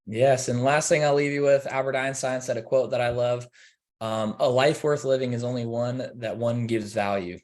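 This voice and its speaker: A man's voice: mid-range voice, steady tone, normal speed, darkish tone. A man, a realtor presenting on a webinar, talking in a friendly, grateful way with lots of ums. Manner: friendly, grateful, filler-heavy. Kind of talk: casual webinar wrap-up.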